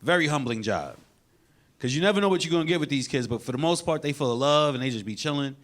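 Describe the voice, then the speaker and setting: A man's voice: mid-range voice, expressive, fast talker. A man doing a stand-up set in a comedy club, telling stories with punchy delivery. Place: comedy club stage with laughing audience.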